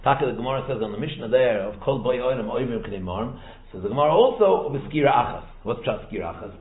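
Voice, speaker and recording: A man giving a lively Torah lecture in English mixed with Hebrew and Yiddish terms, firing rhetorical questions and repeating phrases. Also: mid-range voice, fast. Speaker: rabbi teaching Torah. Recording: echoey room over a tinny phone-like line.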